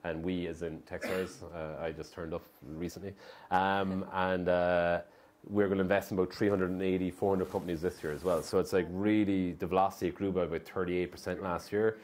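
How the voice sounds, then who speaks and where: A man's voice: low-pitched, little pitch movement, fairly quick, darkish tone. A man, a startup founder speaking in an onstage interview, rambling with many restarts. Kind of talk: conversational interview on stage. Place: live event venue.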